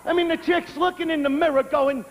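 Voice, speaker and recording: A man doing a profane live stand-up routine, brash and crude, breaking into shouts. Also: extremely high pitch, steady tone, fairly quick. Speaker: stand-up comedian. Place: stage before a live audience. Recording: reverberant live venue with crowd.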